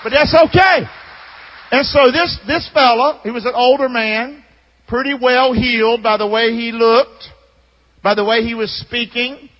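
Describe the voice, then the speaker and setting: A man preaching a sermon as a pastor, telling stories in an animated way that swings from loud to hushed. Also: very high-pitched, lo-fi sound. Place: church sanctuary. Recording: long hall reverb.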